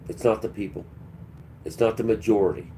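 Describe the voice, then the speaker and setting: Man, low mellow voice, preachy livestream rant, snaps at chat. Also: fairly quick, a little hiss or hum. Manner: preachy and combative, talks back to chat. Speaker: livestream host. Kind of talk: ranting livestream monologue.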